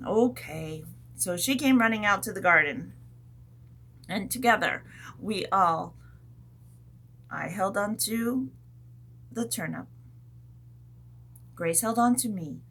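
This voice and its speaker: A woman teacher telling a story to young children in a gentle, animated way, adding sound effects as she goes. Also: mid-range voice, unhurried, creaky, long pauses, slightly rough.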